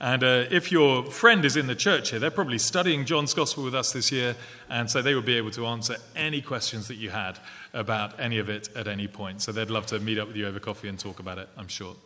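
Male church host, measured delivery, bright tone, long reverb. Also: mid-range voice. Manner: measured, calm, announcing. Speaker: church minister hosting the evening. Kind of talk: closing remarks and scripture reading. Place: large church.

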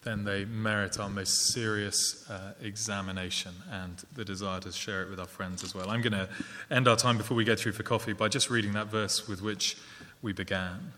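A man hosting a church evening, calmly giving closing remarks and reading scripture. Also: lowish voice. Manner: measured, calm, announcing. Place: large church. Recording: long church reverb.

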